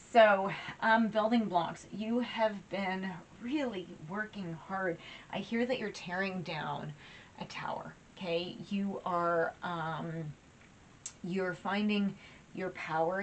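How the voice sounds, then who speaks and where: Chatty tarot reader, a woman with a lowish voice, teary and emotional, faint hum behind. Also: poor audio. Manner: chatty and warm-hearted, many fillers and restarts. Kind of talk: casual tarot reading to camera.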